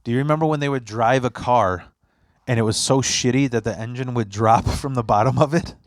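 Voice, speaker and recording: This podcast host is a young man with a medium-pitched voice who talks fairly quickly. The studio-quality recording has no room sound. He spins stories in casual conversation, performing quotes and cursing freely.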